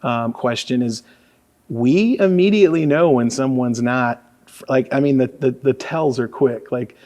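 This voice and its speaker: A man's voice: medium pitch, a little slow. Laid-back male radio DJ in his forties from Louisiana, spinning casual stories. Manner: relaxed storyteller, lots of fillers. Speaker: radio DJ, guest. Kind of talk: casual conversational interview.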